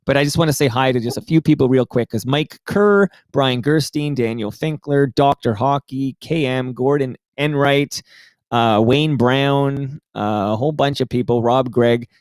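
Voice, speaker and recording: A man with a mid-pitched voice co-hosts a casual podcast. He is upbeat and chatty and plugs sponsors with easy enthusiasm. The sound is dry and close to the mic. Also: moderate pace, a little mellow, clear, resonant tone, no echo. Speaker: podcast co-host and producer.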